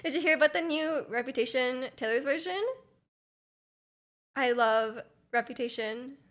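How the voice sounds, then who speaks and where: A woman's voice: sits high, moderate pace, a bit bright. A young Canadian woman mimicking a bubbly girl who gushes breathlessly about pop music. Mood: gushing. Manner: gushing, breathless enthusiasm.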